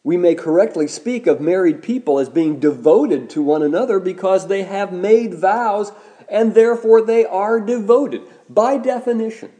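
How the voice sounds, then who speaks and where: A man preaching a sermon as a pastor, measured and deliberate, slowing down to stress key words. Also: sits high, warm tone.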